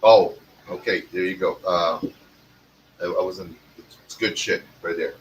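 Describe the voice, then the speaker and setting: With a low-pitched voice, fairly even intonation and a measured pace, a man hosts a casual comedy podcast. He's brash and profane, cracking jokes and teasing his co-hosts. Slight background noise is present, and he sounds a little far from the microphone.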